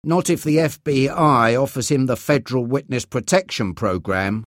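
A man reading aloud, voicing a cold, indifferent mafia boss in a lowered voice. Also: animated, normal speed, no room sound, clean studio sound, close to an everyday voice.

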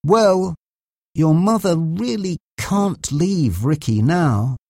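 A man reading an audiobook, voicing a calm, careful male doctor who speaks in a measured way. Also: fairly high pitch, dry recording, clean studio sound, pitched above the performer's own voice. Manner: measured, deliberate.

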